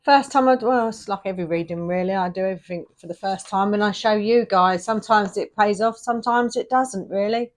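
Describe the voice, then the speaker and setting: A woman from England, reading tarot cards in a casual video. She talks in a chatty, rambling way, drifts off-topic and loses her thread, and slows down while counting out the cards. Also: medium pitch. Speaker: tarot reader.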